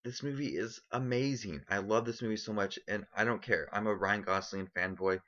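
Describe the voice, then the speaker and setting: A man's voice: fairly low pitch, normal speed, pushed and bright, highs cut off. A young man ranking his favorite films in a casual vlog, enthusiastic and rambling with lots of ums. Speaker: movie vlogger. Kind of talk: casual movie countdown vlog.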